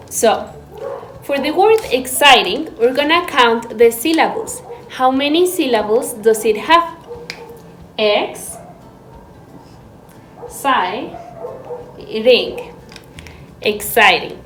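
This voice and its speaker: A woman teaching an English lesson to learners, explaining slowly and clearly, breaking words into syllables. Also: high voice, a bit bright. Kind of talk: recorded online class. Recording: echoey room with faint background noise.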